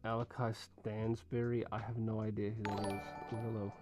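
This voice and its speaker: A man's voice: lowish voice, level tone, brisk, a little mellow. A young man streaming live, chatting casually with viewers and reading out usernames in a rambling way. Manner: chatty, rambling, talks to chat and reads usernames. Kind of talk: casual livestream chat. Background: faint music.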